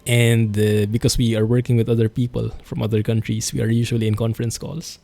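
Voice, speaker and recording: A man's voice: mid-range voice, level tone, a little fast, creaky, mellow, dry recording, soft background music. A man streaming a flight simulator, chatting in a rambling, amused way as he flies and talks to viewers. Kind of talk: casual gameplay commentary.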